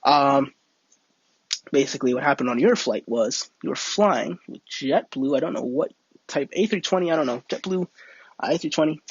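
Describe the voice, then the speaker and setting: With a husky voice on the high side, a young man chats with viewers at a moderate pace while streaming a flight game, telling a meandering made-up story full of restarts and fillers. The audio sounds dull, with no echo.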